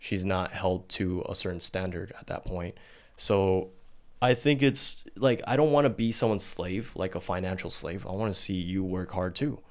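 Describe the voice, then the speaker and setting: A man's voice: low-pitched, moderate pace. A man hosting a casual podcast interview, blunt and profane, challenging his guest. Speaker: podcast host.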